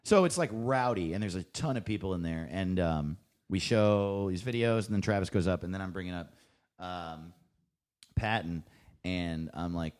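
A man's voice: low-pitched, moderate pace. A young man, a comedian guest on a podcast, telling a rambling story full of "like" fillers.

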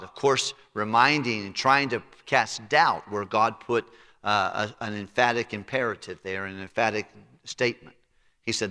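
A man preaching a sermon as pastor, emphatic, letting his voice sink low and quiet on key words. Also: lively intonation, normal speed. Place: church sanctuary. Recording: reverberant church hall.

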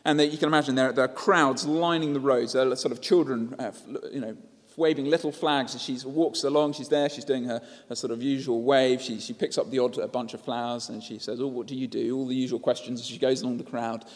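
A man's voice: mid-range voice, fairly even intonation, a little fast, hardly any pauses, long reverb tail. A man preaching a sermon, telling the story and asking rhetorical questions.

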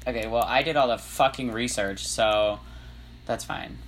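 A man co-hosting a casual comedy podcast, rambling and cracking jokes. His voice is bright and forceful at an ordinary pitch, and he often swears. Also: moderate pace, slight background noise. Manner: rambling, joking, profane. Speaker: podcast co-host. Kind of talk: casual comedy chat and reading aloud.

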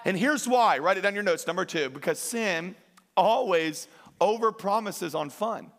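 A man with a high, bright voice preaches with a lilt. He pushes hard into loud, emphatic peaks, then drops to soft, joking asides with his congregation. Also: lively intonation, normal speed. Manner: emphatic, rises to near-shouting peaks and drops to quiet asides; jokes with the congregation. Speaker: pastor. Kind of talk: sermon.

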